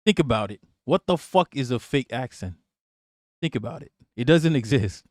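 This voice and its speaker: Male live-stream host, mid pitch, dry close sound, loose, profane and mocking, talks to chat. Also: animated, moderate pace, dry recording. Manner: profane, mocking, chatting with viewers. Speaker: livestream host. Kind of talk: casual live-stream commentary.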